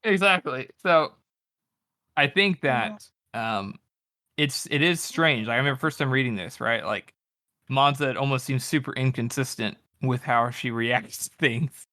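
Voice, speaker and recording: A man's voice: medium pitch, unhurried, pushed and bright, no room sound, studio quality. A man co-hosting a podcast, chatting casually about a novel and laughing between points. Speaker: podcast co-host. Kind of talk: casual book discussion.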